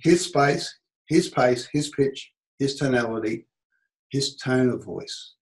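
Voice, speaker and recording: A man's voice: medium pitch, takes it slowly, rough recording. Australian man coaching a sales seminar. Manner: animated, acts out quoted speech. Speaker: business coach. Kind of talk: seminar teaching.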